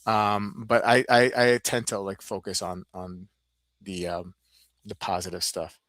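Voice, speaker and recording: A man from the Northeastern United States hosting a podcast, rambling in a halting way and reading out viewer comments. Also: lowish voice, flat delivery, fairly bright tone, no echo. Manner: rambling, halting, many restarts. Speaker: podcast host.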